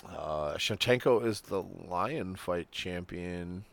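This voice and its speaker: A man co-hosting a casual fight-talk podcast, his voice going hoarse, loose and profane, stumbling over names. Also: low-pitched, expressive, takes it slowly. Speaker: podcast co-host. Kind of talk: casual chat.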